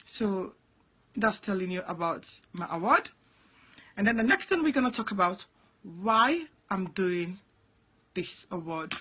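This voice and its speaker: A woman's voice: medium pitch, expressive, unhurried, pauses often, pushed and bright, slightly rough. A woman from Africa, founder of a community award, talking earnestly to camera and stressing her points again and again. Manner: earnest and emphatic, repeats key points.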